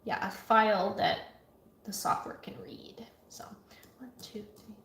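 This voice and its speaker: A woman artist talking casually and chattily through her computer work, at times dropping to a soft murmur. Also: mid-range voice, fairly even intonation, a little slow, creaky, echoey room, in a whisper. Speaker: artist vlogger. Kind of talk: casual vlog talk. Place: home art studio.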